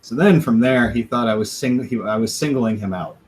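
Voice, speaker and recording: On a low-quality recording, a podcast host with a mid-range voice speaks briskly as he casually tells a long, profane story. He laughs now and then and acts out what other people said.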